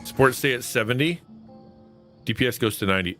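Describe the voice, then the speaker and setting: Speaking fast in a very animated, somewhat bright medium-pitched voice, a man hosts a live gaming stream. He provides casual commentary over game music, joking with his viewers and ribbing himself along the way.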